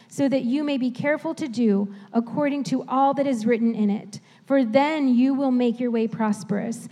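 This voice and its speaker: Woman reading scripture in a reverberant church. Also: high voice. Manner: steady, measured reading of scripture. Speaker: preacher. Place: church sanctuary. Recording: long reverb from a church hall.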